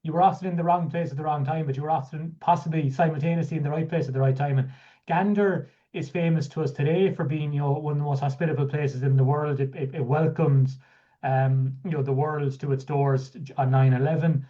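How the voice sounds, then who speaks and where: A male podcast host with a warm, mellow, middle-pitched voice. He asks long questions in a loose, conversational way with fillers. The audio sounds dull and lo-fi. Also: fairly even intonation, fairly quick. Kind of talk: conversational interview.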